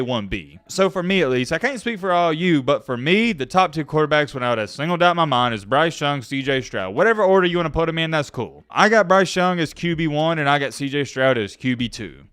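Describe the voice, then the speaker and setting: A young man giving his opinions in a casual sports vlog, emphatic and animated, with frequent asides. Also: a little high, clear, resonant tone, dry recording, studio quality. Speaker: sports commentator vlogger.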